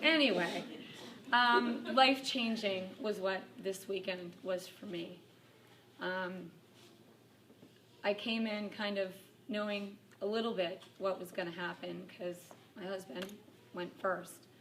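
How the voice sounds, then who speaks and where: A woman shares a casual testimonial with a workshop group, telling stories at an unhurried pace and laughing at herself often. She is picked up by a distant mic that catches the wider room. A clear bed of room ambience runs underneath her voice. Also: medium pitch, steady tone, fairly bright tone, slight background noise. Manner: chatty storyteller who laughs often at herself. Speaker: workshop participant giving a testimonial.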